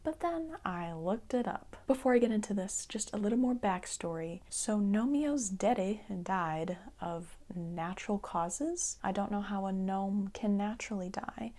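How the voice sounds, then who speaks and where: A woman vlogger chatting casually about an animated movie, rambling a little, laughing easily and slipping into whispered asides. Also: medium pitch. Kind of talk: casual movie review chat.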